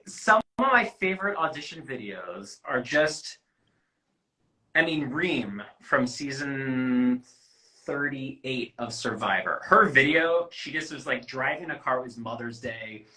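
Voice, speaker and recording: A man's voice: mid-range voice, lively intonation, measured pace, sharp tone, poor audio. A man working as a casting producer, giving candid, rambling advice in a casual chat and swearing freely.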